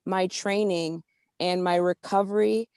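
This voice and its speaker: A woman's voice: lowish voice, steady tone, measured pace, a little mellow, smooth, dry recording. A woman athlete on a video call, giving casual advice with some fillers. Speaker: athlete, webinar participant.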